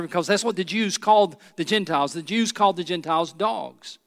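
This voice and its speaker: A male pastor preaches in an earnest, emphatic way, with a notably high voice. He turns to the congregation with rhetorical asides. His words ring out with the long reverb of a large sanctuary. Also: fairly quick, a bit bright. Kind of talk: sermon.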